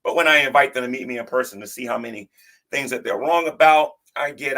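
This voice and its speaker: A man's voice: mid-range voice, expressive, fast, sharp tone. A man hosting a livestream who gives casual, defensive commentary and often repeats himself and restarts his sentences.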